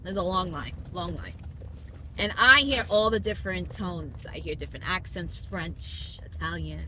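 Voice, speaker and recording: A woman with a New York accent hosting a casual family podcast, telling a story in an animated way, laughing often and quoting people in street slang. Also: fairly low pitch, normal speed, slight background noise. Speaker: podcast host.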